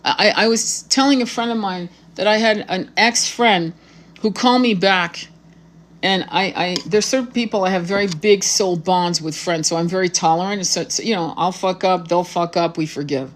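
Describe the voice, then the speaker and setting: A woman's voice: on the low side, normal speed, a little hiss or hum. A woman tarot reader talking to camera in a casual monologue, blunt and confrontational, swearing freely and using spiritual vocabulary.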